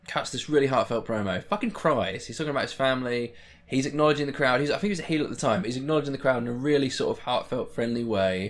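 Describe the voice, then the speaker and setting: A young man talks in a loose, rambling vlog style. His voice sits at an ordinary middle pitch. He gets excited easily and swears freely. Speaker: wrestling vlogger. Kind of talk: casual chat.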